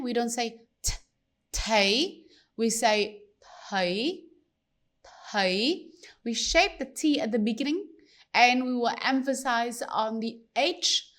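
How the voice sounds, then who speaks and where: A woman leads a pronunciation lesson, taking her time over each sound. Her voice sits a little high, and she repeats every example slowly so learners can follow along. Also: fairly bright tone. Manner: slow, careful, demonstrates sounds by repeating them. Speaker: language teacher.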